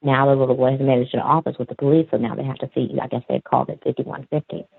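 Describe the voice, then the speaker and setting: A man calling in, telling a story from his school job in a rambling, halting way with many fillers. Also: mid-range voice, flat delivery, dry recording. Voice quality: gravelly, husky. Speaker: caller, school aide. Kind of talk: casual storytelling. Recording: dry, tinny phone line.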